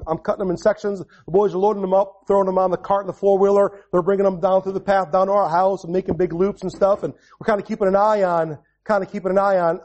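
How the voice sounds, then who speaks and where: A man in his forties preaching a sermon, repeating and restarting phrases, moving from quiet storytelling to raised proclamation. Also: high-pitched, highs cut off. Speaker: pastor.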